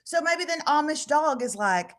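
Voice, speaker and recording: A woman hosting a podcast in casual chat, animated and joking. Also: high voice, normal speed. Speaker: podcast host. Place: live podcast recording.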